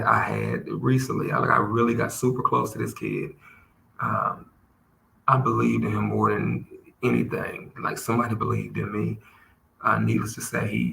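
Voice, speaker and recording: A man hosting a podcast, speaking earnestly and emotionally in a heartfelt solo talk, often halting and restarting his sentences. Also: mid-range voice, creaky, a bit bright. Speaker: podcast host. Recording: roomy echo with faint background noise.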